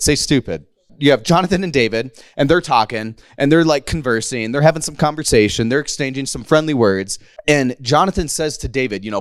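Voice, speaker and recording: A man in his thirties preaching in a loose, conversational way, full of slang and playful acted-out quotes. His voice sits at a middle pitch. The sound is dry and close, with little room in it. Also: lively intonation, a little fast, no echo. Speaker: pastor. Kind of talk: casual conversational sermon.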